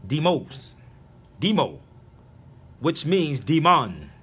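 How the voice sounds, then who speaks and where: A husky man lectures on a live stream, hammering home his points and repeating them. His fairly high voice rises and falls in a lively way. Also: drawn-out words. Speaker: internet radio host.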